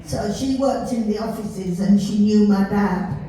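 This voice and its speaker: Recorded on a distant mic in a roomy space with faint hiss, this older woman from Yorkshire, England, warmly chats through memories of her life. Her voice is medium-pitched and unhurried, and she laughs as she tells her stories.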